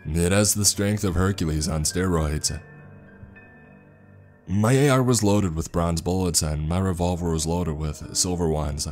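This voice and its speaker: A deep, low-pitched man narrating a scripted horror story. He reads steadily and matter-of-factly, with faint music playing softly underneath. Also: a little slow.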